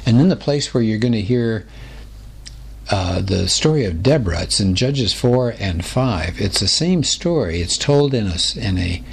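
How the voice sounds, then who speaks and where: Male Bible teacher, low voice, unhurried explanatory delivery, faint hiss behind him. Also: lively intonation, creaky. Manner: explanatory, asks rhetorical questions, reads scripture slowly. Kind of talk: recorded Bible lesson.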